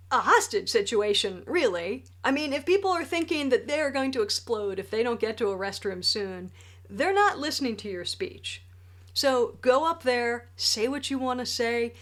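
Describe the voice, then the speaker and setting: A woman in her forties talks straight to the camera about writing wedding speeches. Her voice sits a little high, and her delivery is animated, jokey and emphatic. She sounds like she is recording at home under a ring light. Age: 40s. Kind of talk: direct-to-camera tips video.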